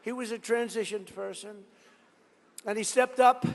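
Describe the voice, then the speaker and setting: Gravelly older man rambling at a rally. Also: high-pitched, steady tone, normal speed. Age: 70s. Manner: rambling, boastful, digressive storytelling. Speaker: political speaker. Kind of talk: rally speech. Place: large college hall. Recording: reverberant hall sound.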